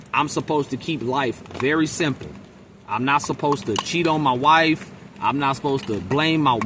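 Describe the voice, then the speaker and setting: A man's voice: medium pitch, background noise. A man venting in a casual monologue to camera, blunt and profane, mimicking his coworkers. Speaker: vlogger.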